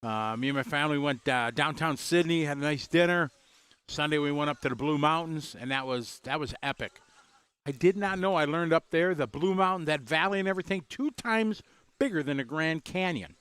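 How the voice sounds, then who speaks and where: Friendly male race commentator, smooth clear voice, relaxed chatter with viewers. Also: fairly high pitch, a little fast, dry recording. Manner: chatty, greets viewers, laughs easily. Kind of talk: casual live stream commentary.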